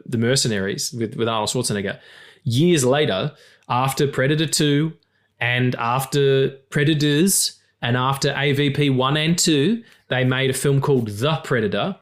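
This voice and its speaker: A man co-hosting a film podcast in casual chat, animated, swearing often and laughing loudly. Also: mid-range voice. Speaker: podcast co-host.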